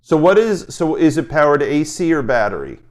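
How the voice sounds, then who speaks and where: Homem animado apresentando entrevista por chamada. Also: male voice, fairly high pitch, big pitch swings, a little mellow. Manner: enthusiastic, talks in quick restarts. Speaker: interview host. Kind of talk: casual video-call interview. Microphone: video call.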